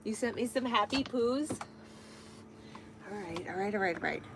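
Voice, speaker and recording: A woman's voice: mid-range voice, animated, moderate pace, noisy background. A woman truck driver chatting casually on a live stream from her truck cab, rambling with lots of ums.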